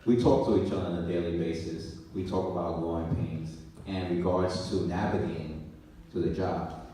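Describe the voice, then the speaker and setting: A police officer on a live panel, speaking in a measured, earnest way. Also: male voice, deep voice, fairly even intonation, mellow. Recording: echoey hall, distant mic.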